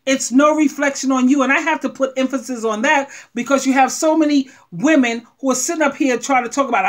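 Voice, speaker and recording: A middle-aged woman giving blunt, animated relationship advice straight to her viewers. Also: high-pitched, a little fast, hardly any pauses. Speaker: advice vlogger. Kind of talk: frank advice monologue.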